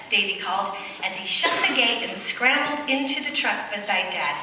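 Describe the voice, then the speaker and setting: A woman reading a picture book aloud to children in a church, pausing to ask them questions. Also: mid-range voice, background noise. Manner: animated, questions the children as she reads. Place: church, large indoor space. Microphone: far camcorder. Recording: echoey church hall from far off.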